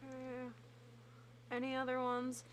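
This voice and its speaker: Young woman, casual gaming stream chat, playful, slightly high voice, faint background hum. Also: monotone, unhurried. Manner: chatty, playful, talking to friends while playing.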